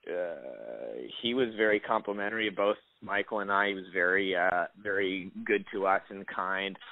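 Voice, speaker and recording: A man's voice: lowish voice, no room sound. A young adult man, an actor, chatting in an interview, rambling with many restarts and fillers. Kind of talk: casual interview chat. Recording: dry, tinny phone line.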